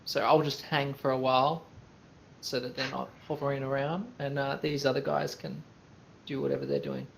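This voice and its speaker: A man's voice: medium pitch, flat delivery, moderate pace, creaky, a bit bright, slight background noise. A man playing in a tabletop game, talking in a casual, tentative way. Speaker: player.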